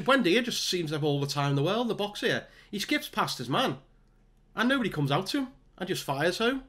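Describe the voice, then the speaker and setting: A man giving excitable, exasperated running commentary on a football management game, with his voice starting to go. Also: fairly high pitch. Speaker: gaming YouTuber.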